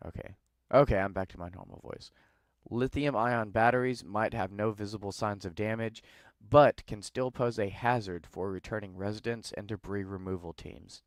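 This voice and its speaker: Low-voiced man reading the news with sarcastic asides. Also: normal speed, dry recording, studio quality. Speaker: podcast host. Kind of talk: casual reading of news articles with offhand asides. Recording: live with no editing.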